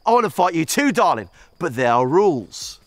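A man's voice: on the high side, big pitch swings, normal speed, no room sound. An actor playing a brash male mercenary with an Australian accent, hammy and over the top in a comedic fan film. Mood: smug.

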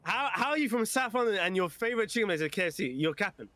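Fast-talking heckling man. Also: high voice, animated, bright, forceful tone, no echo. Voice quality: rapid, heckling, slangy. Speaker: game role-play player. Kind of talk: online role-play in a game.

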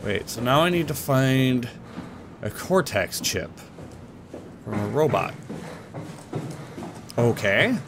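A man's voice: medium pitch, animated, takes it slowly, vocal fry, pauses often, background noise. A young man giving casual, goofy commentary while playing a game, talking to objects and to himself. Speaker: let's play gamer.

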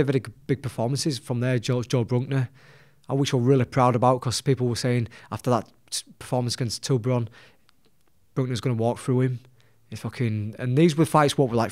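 A man's voice: mid-range voice, a little mellow, dry recording, studio quality. A young man with a Leeds accent, a boxer telling his story as a podcast guest, blunt and swearing constantly. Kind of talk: casual storytelling.

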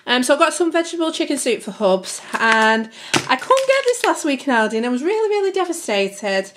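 A woman's voice: sits high, sing-song, fairly quick, noisy background. A young woman chatting through a family grocery haul to camera at home, rambling and slightly out of breath. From United Kingdom. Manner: chatty, rambling, keeps addressing viewers as guys. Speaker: family vlogger.

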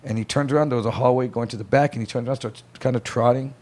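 A man's voice: medium pitch, steady tone, racing, a little mellow. A man telling a story on a casual podcast, acting out the voices of the people in it. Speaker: podcast guest.

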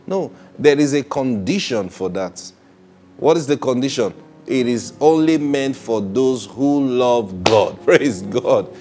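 Animated male preacher, faint guitar behind. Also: mid-range voice. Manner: swings between loud exclamations and hushed, slow asides; acts out prayers and conversations in changed voices. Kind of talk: sermon.

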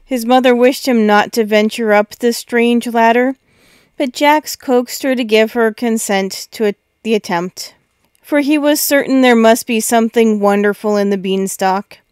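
Female storybook narrator, measured and steady, slightly high voice, smooth and clear. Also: no echo, studio quality.

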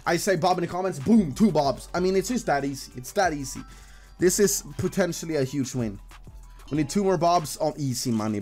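A young man giving casual, excitable commentary while gambling, swearing and talking to the game. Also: medium pitch. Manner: excitable, swearing, talks to the screen. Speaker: gambling streamer. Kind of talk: casual live slot commentary.

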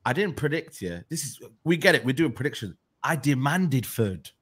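A man's voice: medium pitch, very animated, normal speed, a bit bright, slightly rough. A man ranting about his football team in heated, slangy banter. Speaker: football fan.

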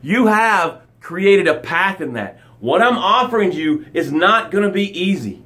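A man's voice: high voice, animated, measured pace, a bit bright. A man coaching his audience live, preaching with energy and repeating his key phrases, sometimes acting out angry stories with a rising voice. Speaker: motivational coach. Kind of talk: live motivational broadcast.

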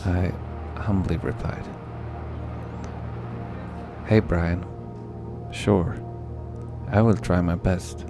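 A man with a low, gravelly voice narrates a documentary in a calm, dry and wry tone. Music plays clearly behind him. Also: extremely slow, pauses often. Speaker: filmmaker and narrator.

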